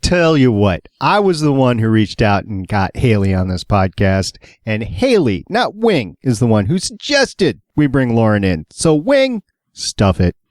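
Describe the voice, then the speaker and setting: A man's voice: lowish voice, big pitch swings, moderate pace, few pauses, a little mellow, dry recording, clean studio sound. A man co-hosting a podcast, bantering in an emphatic, teasing way during casual chat. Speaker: podcast co-host.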